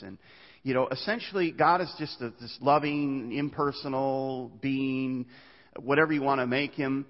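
A man preaching from the pulpit, his voice carried on a long reverb through a large hall and sounding slightly muffled. He moves between loud, raised stretches and quieter ones, tripping over words and restarting as he goes. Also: medium pitch, moderate pace. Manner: animated preaching with frequent stammered restarts. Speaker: pastor. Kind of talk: sermon.

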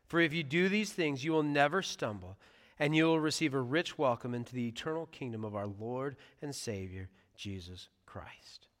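A man's voice: mid-range voice, animated, brisk, a bit bright, in a large hall. A man preaching a sermon as pastor, speaking in an earnest, conversational way in a church sanctuary.

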